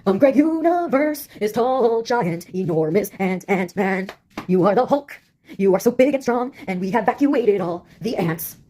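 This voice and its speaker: A woman's voice: medium pitch, expressive, normal speed, warm tone, natural voice. A woman voicing an unhinged female villain who taunts and goads a giant, swearing and breaking into singsong. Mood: taunting. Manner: erratic, swearing, singsong outbursts.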